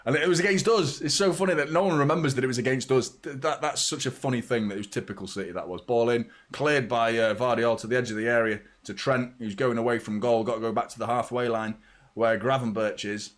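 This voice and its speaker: Sweary football fan commentating. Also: male voice, medium pitch, fast. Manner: blunt, sweary fan chatter mixed with play-by-play. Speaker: fan channel host. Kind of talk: live match watchalong commentary.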